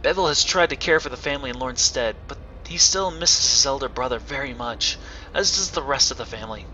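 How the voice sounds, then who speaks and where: A man voicing a worried old village widow, speaking softly, slowly and mournfully. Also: mid-range voice. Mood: sad. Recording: slightly dull recording with faint hiss.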